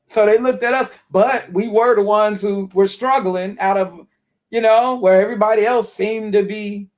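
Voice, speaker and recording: A man's voice: sits high, steady tone, moderate pace, darkish tone. A man from Chicago talking casually to his audience, rambling, repeating words and laughing often. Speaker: online talk host. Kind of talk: casual monologue.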